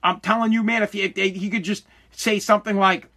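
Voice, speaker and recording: A man's voice: high-pitched, fairly even intonation, a little fast, pushed and bright. A man in his forties hosting a podcast, giving an emphatic, profane motivational monologue full of restarts. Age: 40s. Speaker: podcast host.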